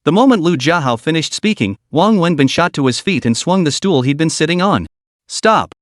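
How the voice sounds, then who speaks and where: A man narrating a comic recap in a steady storytelling manner. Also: a little high, brisk, dry recording, clean studio sound. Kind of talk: scripted narration.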